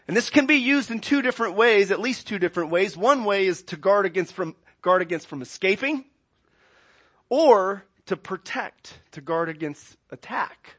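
A man preaching a sermon as pastor, dropping to quiet, low asides and then rising to loud, emphatic declarations. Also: animated, moderate pace, husky.

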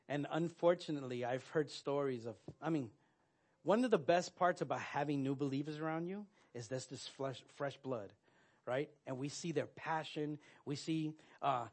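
A man delivering a sermon in an earnest, direct way. His voice sits at an ordinary middle pitch. He often stops to restart a phrase or fills a gap with a quick "uh". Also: a little mellow. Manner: earnest, with frequent fillers and restarts. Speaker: pastor.

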